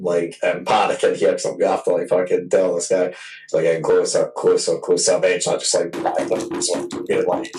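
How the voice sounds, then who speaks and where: A man's voice: low voice, level tone, fast talker, darkish tone, recorded from a distance, low-quality recording. A man in his twenties co-hosting a podcast, telling a long rambling story in casual chat and swearing freely. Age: 20s. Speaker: podcast co-host.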